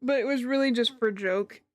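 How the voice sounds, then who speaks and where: A woman's voice: on the high side, normal speed, a little mellow, no room sound, clean studio sound. A woman streamer chatting casually and giggling often while playing a game. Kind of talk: casual let's play commentary.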